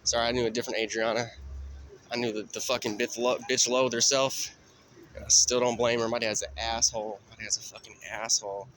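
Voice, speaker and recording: A man strolls through a city at night filming a vlog, his medium-pitched voice brisk and fairly bright with little rise or fall. The talk is a rambling, profane stream of consciousness, set against faint street sounds and passing cars.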